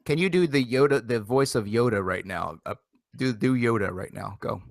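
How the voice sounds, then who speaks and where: A man's voice: medium pitch, moderate pace, creaky. A man hosting a casual live internet talk show, rambling and repeating himself with energy. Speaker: host. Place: home near Philadelphia.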